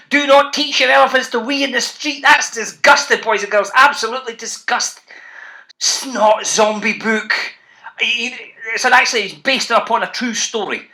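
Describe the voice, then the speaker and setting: Brief: playful Scottish author hosting a kids' reading session, bright and punchy. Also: male voice, very high voice. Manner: bouncy, playful, calls out to the kids. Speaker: children's author presenting a reading show. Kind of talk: lively talk to school classes.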